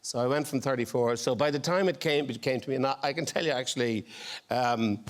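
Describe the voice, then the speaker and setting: A man's voice: mid-range voice, a little fast. Chuckling man telling a story. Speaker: talk show guest. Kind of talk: rambling anecdote.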